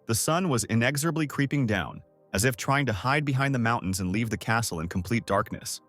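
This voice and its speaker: A man narrating a scripted story recap in a steady storytelling manner, reading the quoted lines without doing voices. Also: medium pitch, a little fast, faint music behind.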